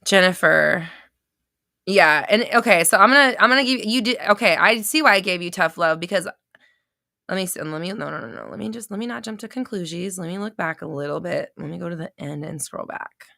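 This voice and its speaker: A woman hosting a live coaching stream, talking off the cuff with blunt, profane tough love that swings from soft apologies to heated lecturing. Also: on the low side, lively intonation, fairly quick, gravelly, no room sound, studio quality. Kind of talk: unscripted live coaching talk.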